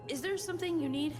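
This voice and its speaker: An actress playing a composed young woman in a game who talks calmly and firmly, with the odd sigh. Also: very high-pitched. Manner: calm, sighing, firm. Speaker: game character. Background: game music.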